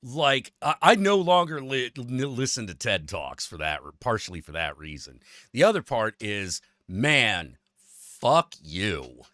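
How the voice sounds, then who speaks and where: A man's voice: mid-range voice, a little slow, no echo, studio quality. A man hosting a stream, ranting in casual chat, swearing a lot and stumbling over restarts. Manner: profane, animated ranting with stammered restarts. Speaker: stream host.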